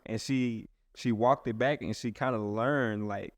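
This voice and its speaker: Man, pastor, low voice, dry close sound, rambling earnest chat. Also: normal speed, no echo. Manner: rambling, earnest, many restarts and "like". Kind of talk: casual podcast chat.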